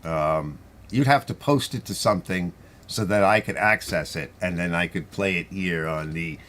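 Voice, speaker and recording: Chatty New York man, low voice. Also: normal speed, fairly bright tone. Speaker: host of a garage channel live stream. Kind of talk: casual live-stream chat reading viewer comments.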